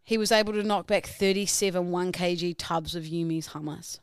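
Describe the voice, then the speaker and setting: A woman's voice: fairly low pitch, flat delivery, clean tone, no room sound, clean studio sound. A young woman, co-hosting a podcast in playful, teasing casual chat. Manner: playful, giggly, quick to tease. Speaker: podcast co-host.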